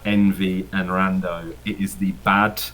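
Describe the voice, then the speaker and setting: A man with a very deep voice runs a tabletop game as game master. He rambles casually, full of fillers, and laughs often as he describes the scene. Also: little pitch movement, a little slow, fairly bright tone, poor audio.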